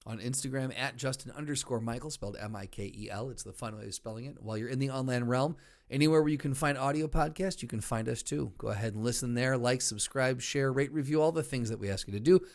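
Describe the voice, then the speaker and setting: A man's voice: medium pitch, fast. A man in his thirties co-hosting a podcast, laid-back and agreeable in casual chat. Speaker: podcast co-host.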